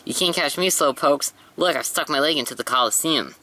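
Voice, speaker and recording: Cheeky, fussy toy soldier, a man reading, raised pitch. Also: fairly quick, bright, forceful tone, rough recording. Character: male one-legged toy soldier, cheeky and jittery.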